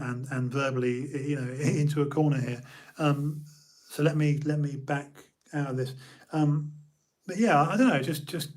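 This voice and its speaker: A young man from the UK, streaming an emotional personal monologue, halting and repeating his words as he talks. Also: a little high.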